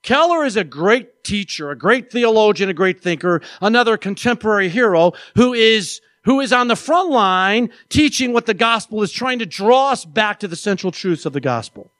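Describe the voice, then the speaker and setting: A male pastor delivering a lively sermon in a high voice. He talks with a playful, animated manner and acts out quoted voices. His voice is close and dry, with no room echo. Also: normal speed.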